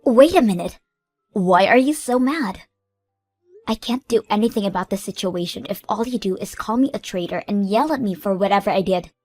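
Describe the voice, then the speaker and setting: A patient young woman engaged to be married, played by a woman speaks in a soothing, reasonable way in an animated story. Her mid-pitched voice is recorded dry and close, with faint music underneath. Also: normal speed, no echo, lightly acted. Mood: pleading.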